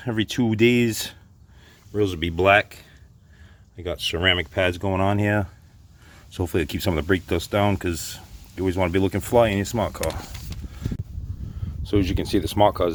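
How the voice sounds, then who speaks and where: A middle-aged car repair vlogger jokes in an offhand way while working hands-on on a car in his garage, in a casual how-to vlog. His voice sits low, with fairly even intonation and a fairly quick pace, over slight background noise.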